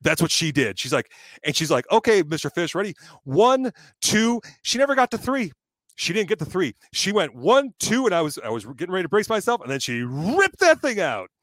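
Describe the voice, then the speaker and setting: A man's voice: fairly high pitch, a little fast, dry recording. A middle-aged man telling a funny story in casual chat, acting out the other people's lines and swearing now and then. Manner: animated, acts out quoted voices, swears.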